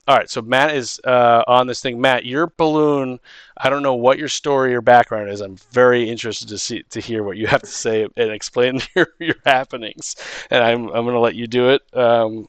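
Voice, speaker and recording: A man's voice: mid-range voice, dry recording. A man running a tabletop game as dungeon master, rambling with many restarts and ums.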